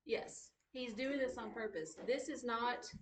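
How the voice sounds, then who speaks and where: A woman teaching a high school writing class, briskly explaining and tapping out syllable rhythms. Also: slight background noise. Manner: lively, brisk, reads lines aloud and beats rhythm with syllables. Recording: echoey classroom from a distant mic.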